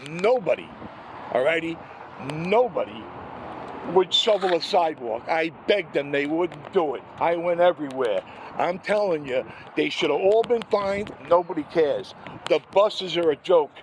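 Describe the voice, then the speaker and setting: An older man, ranting angrily in a monologue and clearing his throat often. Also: fairly high pitch, lively intonation, measured pace, poor audio. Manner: angry, rambling, repeats "what happens is this". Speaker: vlogger. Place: outdoors by a street. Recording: outdoor street noise.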